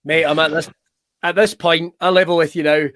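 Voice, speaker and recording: A Scottish man hosting a casual chat show, sweary and excitable in his banter. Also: a little high, brisk, dry recording. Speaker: podcast host.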